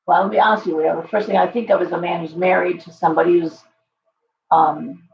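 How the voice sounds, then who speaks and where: Woman tarot host, live stream, a little hoarse from losing her voice, chatty and reassuring, roomy dull audio. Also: fairly low pitch, steady tone, fast talker. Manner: chatty, reassuring, addresses viewers directly. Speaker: tarot reader hosting a live show.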